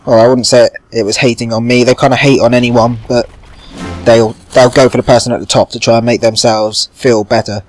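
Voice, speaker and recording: A man's voice: mid-range voice, little pitch movement, brisk, a little mellow, soft background music. Chatty man commenting on gameplay. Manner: rambling, chatty, swears casually. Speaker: gaming channel host.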